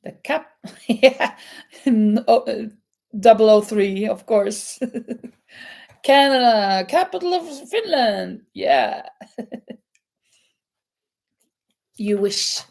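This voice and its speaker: A woman's voice: a little high, lively intonation, drawn-out words, vocal fry, pauses often, a little mellow. A woman hosting a live crochet chat, reading out quiz questions and answering viewers, laughing often. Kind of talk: casual live-stream chat.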